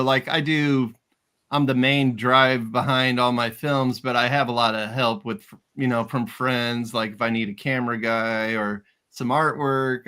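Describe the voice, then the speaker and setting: Bright-voiced easygoing male guest. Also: mid-range voice, clean tone. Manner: easygoing, agreeable. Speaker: guest, independent filmmaker. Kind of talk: casual interview answers.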